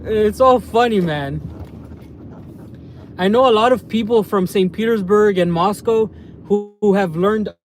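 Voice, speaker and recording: A man's voice: high voice, measured pace, long pauses, slight background noise. A man from the United States chatting casually on a live stream while out in a small town, rambling and often ending phrases with "man".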